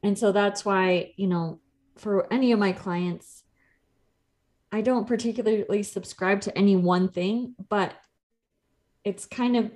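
A woman's voice: medium pitch, a little slow, long pauses, a little mellow. A woman in her thirties, a nutrition coach co-hosting a podcast, explaining things in a chatty, easygoing way and laughing easily. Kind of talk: casual podcast chat.

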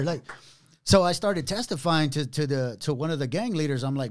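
Middle-aged man, pastor and podcast host, casual animated storyteller. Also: a little high. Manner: animated storytelling, drawn-out words, casual slang. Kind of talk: conversational testimony.

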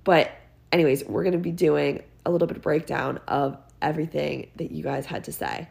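A woman's voice: low-pitched, fairly even intonation, brisk, gravelly, darkish tone. A teenage girl hosting her own podcast, sick and congested, ranting casually with sarcastic exasperation and plenty of "like". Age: teens. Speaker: podcast host.

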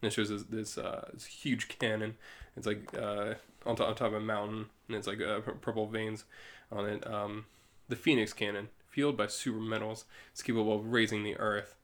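A man's voice: lowish voice, level tone, moderate pace, few pauses, a bit bright. A man co-hosting a casual chat, reading comic book lines aloud with playful voices and frequent laughs. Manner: reads characters aloud with playful goofy voices, laughs often. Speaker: podcast co-host.

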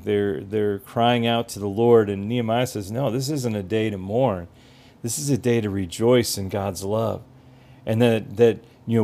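A man's voice: lowish voice, mellow. A man giving an earnest, encouraging podcast sermon as pastor and host, repeating phrases for emphasis.

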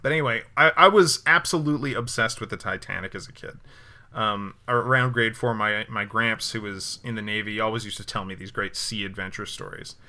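Man, bright voice, jokey podcast guest, rambling anecdotes. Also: lowish voice, brisk. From Newfoundland, Canada. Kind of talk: casual podcast chat.

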